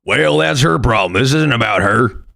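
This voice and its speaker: A man's voice: medium pitch, expressive, normal speed, creaky, sharp tone. A young man streaming a story game, playfully reading text aloud and chatting with his audience. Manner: playful, reads game text aloud, jumps between voices. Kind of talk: live gaming commentary and reading.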